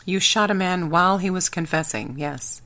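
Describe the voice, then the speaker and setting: A woman's voice: lowish voice, moderate pace, sharp tone. A woman narrator voicing a blunt, pushy male secret agent in an audiobook.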